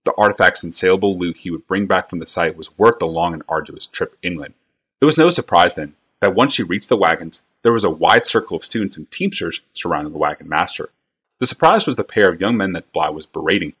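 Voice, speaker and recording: A man reads a fantasy novel aloud in a steady, measured way. His voice sits low and deep, with a husky, slightly breathy grain. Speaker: reader.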